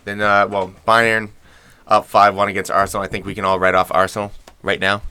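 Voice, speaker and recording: A man's voice: on the low side, level tone, a little fast, pushed and bright, clear, resonant tone. A man co-hosting a casual soccer podcast, hesitant and stumbling over his words. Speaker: podcast co-host. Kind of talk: casual chat.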